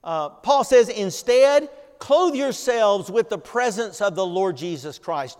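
An older man delivers an earnest sermon in a fairly high voice, speaking slowly and emphatically with frequent pauses and repeated words. His voice rings with the long reverb of a church hall. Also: expressive, a little mellow, clear, resonant tone. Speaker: pastor.

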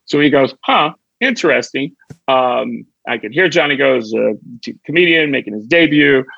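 A middle-aged comedian from Chicago, a guest on a podcast, tells a lively backstage story and acts out the quoted dialogue. His mid-range voice is creaky and moves at a normal speed, with a dull recording that has no room sound.

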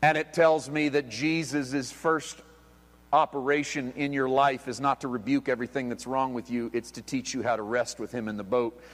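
A man preaching a sermon as pastor, swinging between hushed, quiet lines and loud, emphatic ones. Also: medium pitch, steady tone, moderate pace. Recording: long hall reverb.

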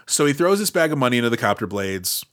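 A man co-hosts a podcast in a loose, wry chat, full of playful sarcasm. His voice is bright and sharp, at an ordinary pitch. He rambles a little as he works through his thoughts. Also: big pitch swings, quick pace. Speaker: podcast co-host. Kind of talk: casual chat.

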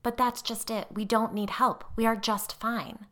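A woman voicing a nervous, defensive grandmother who speaks in a shaky, hushed way, in a storybook reading. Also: a little high, level tone, a little slow, pitched above the performer's own voice. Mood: insistent.

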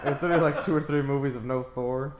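A man's voice: medium pitch, brisk, echoey room, over a noisy crowd. A man co-hosting a casual movie commentary, joking and riffing. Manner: joking, riffs into silly voices. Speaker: podcast co-host.

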